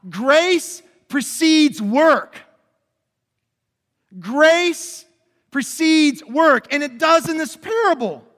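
A man preaching a sermon as pastor, animated and questioning, calling on the congregation to answer back. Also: extremely high pitch, extremely slow, pauses often, long reverb tail. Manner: animated preaching, drops to quiet emphasis and rises to shouts; asks the congregation questions and calls for responses.

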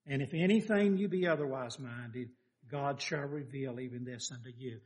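An older man preaching a sermon, folksy and animated, firing questions at the congregation. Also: mid-range voice, normal speed.

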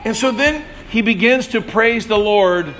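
A man preaching a sermon as pastor, telling the story with animated voices and calling on listeners by name. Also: sits high, unhurried, slight background noise, rough recording. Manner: speaks directly to congregation members by name.

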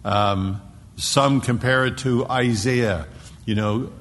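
A man preaching an expository sermon, dropping to a hushed whisper for emphasis and digressing into word study. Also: mid-range voice, slow pace. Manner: dramatic drops to a hushed whisper. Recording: long echo in a large hall.

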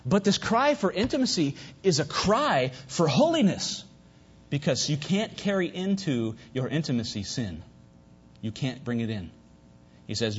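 Male pastor, fervent sermon, husky voice, lively rising and falling pitch, dull lo-fi recording. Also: a little slow. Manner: fervent preaching with sudden quiet asides. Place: church service.

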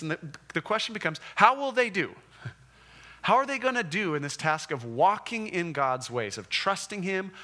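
A man teaching a Bible lesson in a lively, conversational way, checking in with his listeners. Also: fairly high pitch. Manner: animated, acts out the Israelites' complaints. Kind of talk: classroom Bible lecture.

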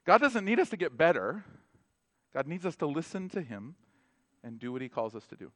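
A man, a pastor with children, preaching a sermon in a conversational, animated way and acting out short dialogues. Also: on the high side, brisk. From North America. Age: adult with children.

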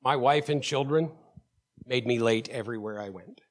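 A male pastor preaching in a middle-pitched voice and telling stories from his own life. He leans hard on key words, calls out to the congregation for agreement and stumbles over repeated words as he builds momentum. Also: moderate pace. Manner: emphatic, with call-outs to the congregation; storytelling, stammers and repeats words. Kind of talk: sermon.

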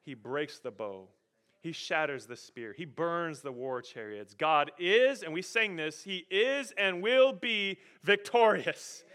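Pastor guy preaching, kinda high pitched, bright and punchy, really animated. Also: takes it slowly, smooth. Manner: animated, emphatic preaching with swings in volume. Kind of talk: sermon.

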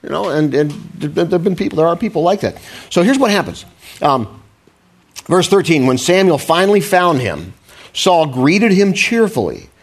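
A man's voice: on the high side, big pitch swings, normal speed, breathy edge. A man preaching a conversational sermon, with frequent restarts, asides and questions to the congregation. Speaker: pastor.

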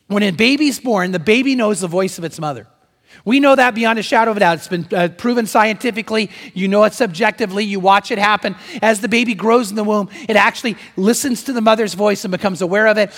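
A middle-aged male pastor with a high-pitched voice preaching an animated sermon. He slips into playful acted voices and joking asides. His voice rings with long reverb through a church hall. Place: church sanctuary.

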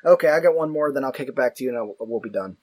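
A man chatting casually about movies as a podcast co-host, rambling and self-mocking with animated asides. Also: medium pitch, racing, no echo.

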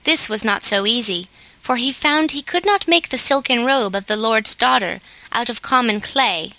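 Bright-voiced woman reading a story. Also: on the high side, moderate pace, dry recording. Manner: steady storytelling. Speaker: audiobook narrator. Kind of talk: scripted narration.

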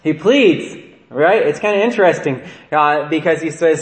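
Speaking expressively at a moderate pace, a priest with a slightly high voice delivers a conversational sermon, regularly asking "right?". The church room echoes.

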